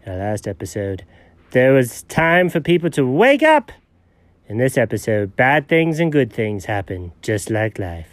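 Man narrating a comedy episode, deadpan and mock-dramatic, lively swings in pitch, dry close sound. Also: unhurried, no echo. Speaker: show host and narrator.

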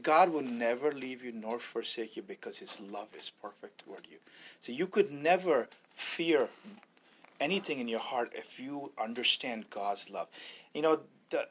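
Husky-voiced earnest male evangelist. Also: medium pitch. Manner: earnest, preacherly, quoting scripture. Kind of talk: personal faith testimony.

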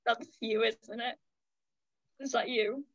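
High-voiced blunt woman. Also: steady tone, slow pace. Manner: blunt and opinionated, lots of "like" and "um". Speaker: podcast guest. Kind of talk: casual chat. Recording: dull lo-fi podcast audio.

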